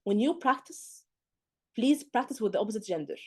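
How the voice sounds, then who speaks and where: A woman's voice: on the high side, expressive, normal speed, slightly rough. A woman tutoring medical exam candidates in a live lecture, emphatic and constantly checking in with "okay?" and "do you get?".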